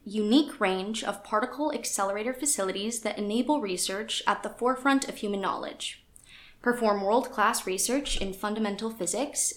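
A woman's voice: mid-range voice, fairly bright tone, roomy sound. A woman co-hosting a podcast, chatting casually with lots of fillers and reading passages aloud from a website. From United States. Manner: chatty, filler-heavy, self-deprecating. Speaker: podcast co-host.

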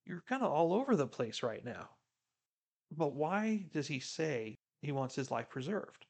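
A man's voice: fairly high pitch, very animated, a little slow, gravelly. A man giving earnest devotional commentary on a Bible reading, preacherly and encouraging. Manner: earnest, preacherly, drops to a hush for God's quoted words.

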